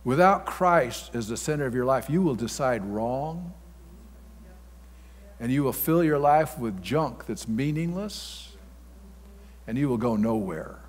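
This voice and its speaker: A man pastor with a mid-range, lively voice preaches a sermon a little slowly, pausing often. His style is folksy and blunt with sudden loud outbursts, and the long reverb of a large church hall surrounds him.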